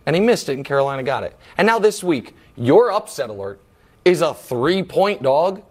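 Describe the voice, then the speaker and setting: A man's voice: on the high side, big pitch swings, moderate pace. A man co-hosting a football picks show, bantering and teasing with mock outrage. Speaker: sports show co-host.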